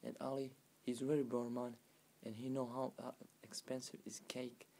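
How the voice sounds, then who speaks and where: A man casually retelling a folk tale in broken, non-native English, halting with restarts and filler phrases. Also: mid-range voice, flat delivery, darkish tone, slight background noise. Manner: halting, with many restarts and "you know" fillers. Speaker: storyteller.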